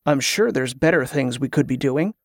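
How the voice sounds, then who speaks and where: A man's voice: mid-range voice, expressive, normal speed, dry recording. A reader voicing a wary young man who answers in short, curt lines, close to the reader's own voice. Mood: guarded.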